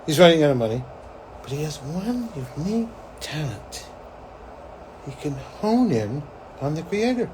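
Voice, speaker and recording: A man's voice: a little high, sing-song, measured pace, pauses often, a little mellow, slight background noise, poor audio. A man hosting a psychic show, telling a story in a rambling, casual way, full of "like" and "you know". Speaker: psychic host.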